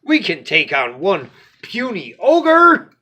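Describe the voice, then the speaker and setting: A scoffing, growling billy goat, as a man puts him on in a lively, bright voice. He boasts slowly, with a husky edge. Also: sits high, pitched above the performer's own voice, full character voice. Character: biggest growling scoffing male bully goat.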